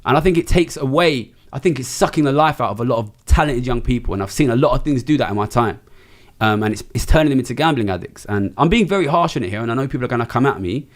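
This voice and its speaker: A man's voice: medium pitch, expressive, fast talker. A middle-aged man from Britain giving an interview, blunt, emphatic and full of swearing. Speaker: interview guest, trader. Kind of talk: candid interview talk.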